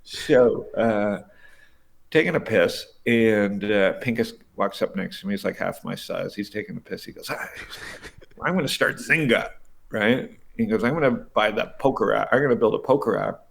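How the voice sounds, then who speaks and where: A middle-aged man, a venture investor, telling stories casually in an interview, animated and profane, acting out the people he quotes. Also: lowish voice, normal speed, creaky.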